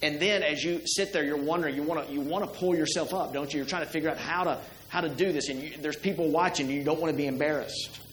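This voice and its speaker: A middle-aged male pastor with a slightly high voice preaches in an easy, conversational way, often putting rhetorical questions to the congregation. His voice rings around a roomy church sanctuary. A faint hum sits under the recording. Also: quick pace, hardly any pauses, a bit bright. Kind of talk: sermon.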